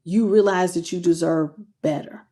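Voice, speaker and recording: Here a woman tarot reader with a warm, lowish voice speaks at a moderate pace. Her casual reading to camera is emotional and slangy, aimed straight at her viewers.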